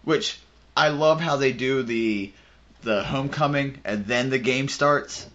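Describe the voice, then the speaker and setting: A man co-hosting a podcast, chatting casually and excitedly about a video game, with animated retellings. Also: mid-range voice, unhurried, highs cut off. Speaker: podcast co-host.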